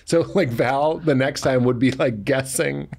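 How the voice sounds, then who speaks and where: Brief: an animated male comedian guest, mid-pitched, riffing casually. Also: a little slow, creaky. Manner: animated, riffing, playful bits. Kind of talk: casual comedy podcast chat.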